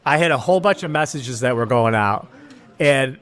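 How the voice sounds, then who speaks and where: A man's voice: medium pitch, lively intonation, moderate pace, fairly bright tone. An older man from Rochester, New York, with a Western New York accent, hosting a live podcast in a bar and telling long, rambling stories full of swearing. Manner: rambling storyteller, heavy swearing, restarts. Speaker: podcast host. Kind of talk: profane live podcast banter. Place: neighborhood bar.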